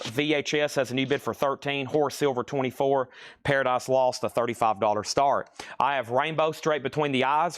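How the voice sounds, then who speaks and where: Male auction host, mid pitch, dry close sound, quick price-calling patter. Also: smooth, no room sound. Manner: rattles off titles and prices, calls bids going once, going twice. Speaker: live sale host. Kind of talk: live-stream record auction patter. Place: record shop.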